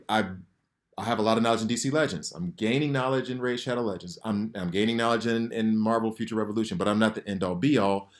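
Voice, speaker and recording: At home, with sirens audible outside, a gaming channel host gives a heartfelt personal message in a lowish voice. He speaks earnestly and ramblingly, full of fillers and restarts, and becomes emotional at times.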